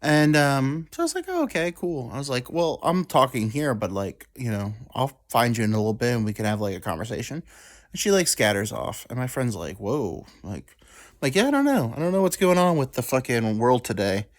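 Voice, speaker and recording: A man's voice: mid-range voice, big pitch swings. A young adult man hosting a show, telling a rambling, self-deprecating story in casual monologue. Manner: rambling, self-deprecating, quotes people in quick asides. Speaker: podcast host.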